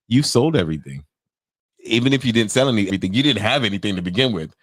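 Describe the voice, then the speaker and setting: A man co-hosting a podcast in casual chat, telling stories with lively acted-out quotes and loose swearing. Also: lowish voice, quick pace, no room sound. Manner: animated storytelling, acts out quoted voices, swears freely. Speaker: podcast co-host.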